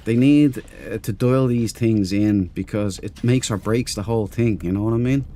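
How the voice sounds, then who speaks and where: A man's voice: fairly low pitch, normal speed, dark tone, slight background noise. A man hosting a casual game stream, chatty and self-mocking, greeting viewers in chat by name. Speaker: gaming livestream host.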